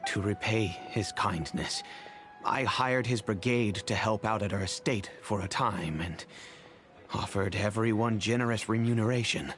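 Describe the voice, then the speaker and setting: Kindly wealthy father, low and measured. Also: a bit bright. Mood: reflective. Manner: measured, reflective storytelling. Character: wealthy, kindly middle-aged father recounting the past. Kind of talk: game cutscene dialogue. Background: game music.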